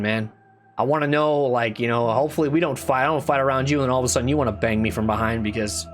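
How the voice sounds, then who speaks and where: A man talks through a video game in a loose, rambling review, tripping over restarts and dropping curses. His voice sits at an ordinary middle pitch, with faint music running underneath. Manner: rambling, repetitive, with restarts and swearing; exasperated, rising into loud complaint. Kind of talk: casual spoken review.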